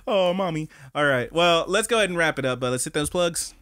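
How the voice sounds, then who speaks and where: A young man co-hosting a casual anime podcast, excitedly retelling scenes with laughter and swearing. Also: fairly high pitch, a little fast. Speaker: podcast co-host.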